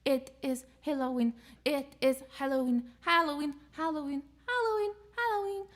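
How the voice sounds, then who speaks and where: A woman's voice: high-pitched, voice pushed up, lightly acted. A woman voicing a scrappy goblin cowpoke who talks in broken English with a put-on Southern drawl. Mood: giddy. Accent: put-on American Southern. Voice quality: drawn-out, broken grammar.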